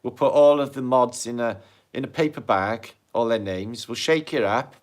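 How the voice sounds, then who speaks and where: A man's voice: mid-range voice, moderate pace. A man with a British accent hosting a casual livestream, reading out viewer comments and chatting in a jokey, sweary way. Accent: British English. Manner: chatty, jokey and sweary, swings between loud and hushed. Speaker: livestream host.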